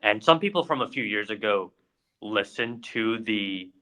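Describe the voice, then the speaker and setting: A man's voice: lowish voice, animated, normal speed, bright, forceful tone, poor audio. A man co-hosting a podcast, telling a story in casual chat with lots of fillers and restarts. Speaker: podcast co-host.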